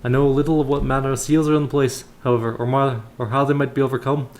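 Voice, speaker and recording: A man voicing a calm, fatherly older monk elder who calls the listener child, reading in his everyday voice. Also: mid-range voice, fast, lightly acted. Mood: instructive.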